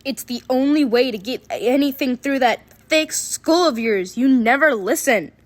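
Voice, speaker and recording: A woman's voice: fairly high pitch, expressive, normal speed, close to an everyday voice. A woman voicing a stern, bossy teen boy. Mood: angry. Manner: scolding, insistent. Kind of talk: fan audio story voice acting.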